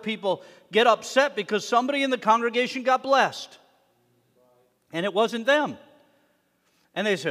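A man preaching a sermon to his congregation, animated, swinging between loud emphasis and hushed asides. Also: high-pitched, normal speed. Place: synagogue sanctuary. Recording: long reverb of a worship hall.

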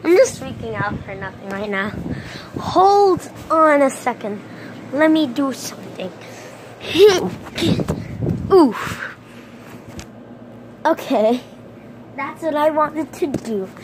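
High bouncy woman's voice, slow drawn-out chatter, playful sound effects, noisy outdoor phone recording with a storm behind. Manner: excitable, playful sound effects, sudden yelps. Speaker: vlogger. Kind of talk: casual vlog commentary. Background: thunder and rain noise.

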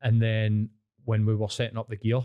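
A man's voice: fairly low pitch, completely flat delivery, moderate pace, smooth, dry recording, highs cut off. A man in his thirties with a Glaswegian Scottish accent, telling blunt, sweary stories as a podcast guest, rambling with restarts. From Scotland. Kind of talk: candid storytelling.

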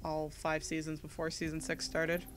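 A woman's voice: low voice, monotone, moderate pace, music in the background. A woman co-hosting a casual let's play, chatting about the game with dry, sarcastic jokes. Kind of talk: casual gameplay commentary.

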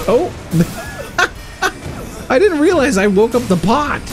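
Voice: high voice, huge pitch swings, takes it slowly. A video game streamer giving playful let's play commentary, giggling, humming and chatting with enemies. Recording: game music playing behind.

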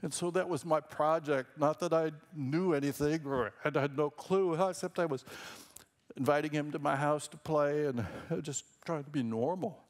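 A man's voice: fairly high pitch, moderate pace. A middle-aged man from Minnesota preaching a sermon as senior pastor, conversational and rambling, with self-deprecating asides.

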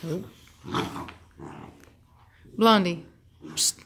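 A woman's voice: fairly low pitch, extremely slow, creaky, fairly bright tone, slight background noise. A woman who breeds dogs gives casual running commentary at home as she films them playing, chatting and laughing often. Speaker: dog breeder filming her dogs.

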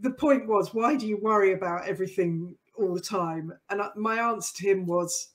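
A woman's voice: mid-range voice, moderate pace. A middle-aged woman hosting a podcast, chatting in a conversational way with frequent fillers and easy laughter, and closing with a scripted outro. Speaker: podcast host.

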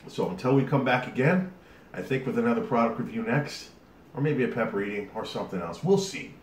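A man's voice: medium pitch, expressive, fairly quick, far from the mic. A man hosting his own video channel, chatting casually to the camera with a lot of fillers while he sweats from a hot pepper. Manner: rambling, chatty, with many fillers. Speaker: YouTube host. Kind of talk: casual vlog talk to camera. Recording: roomy echo, off-mic, faint hiss.

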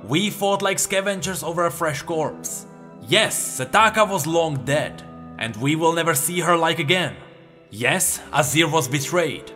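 A man's voice: on the high side, a bit bright. A man voicing a proud male god who lectures his fellow gods in a hectoring, impassioned tone in a storybook reading.

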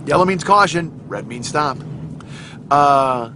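A man with a hoarse voice hosting a rambling, profane, self-mocking comedy podcast while driving, recorded on his phone inside the car. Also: fairly high pitch, expressive, takes it slowly. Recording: car road noise on a phone.

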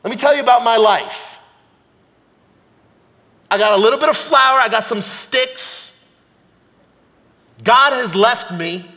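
A man voicing a tough, defiant widowed woman with a brash New Jersey accent, talking rough and streetwise. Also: very high-pitched, slow, pauses often, bright, forceful tone, voice pushed up, exaggerated voice. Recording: long hall reverb, church sanctuary.

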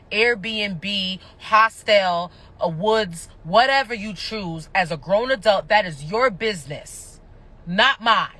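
A woman's voice: mid-range voice, a bit bright. A woman ranting on a livestream, passionate, annoyed and cursing, talking indoors at home into a phone. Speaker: reality TV personality going live. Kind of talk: livestream rant.

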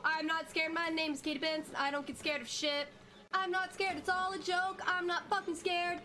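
A woman's voice: extremely high pitch, fairly even intonation, normal speed, bright, forceful tone, soft background music. A young woman streaming a horror game live, who screams, swears and jokes her way through the scares.

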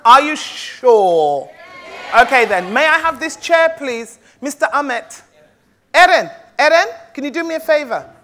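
A woman's voice: high voice, lively intonation, normal speed, a bit bright. A woman storyteller telling a tale live to an audience in a playful, rhythmic, call-and-response manner.

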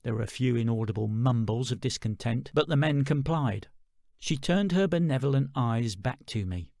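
A man's voice: mid-range voice, animated, moderate pace, gravelly, a little mellow, dry recording, studio quality. A man narrating his own memoir as an audiobook in a wry, self-deprecating way. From England.

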